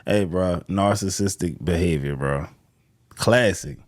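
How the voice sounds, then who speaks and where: A man's voice: sits low, measured pace, dry recording, studio quality. A man hosting a podcast, giving casual, slangy commentary on clips and laughing along. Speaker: podcast host reacting to clips.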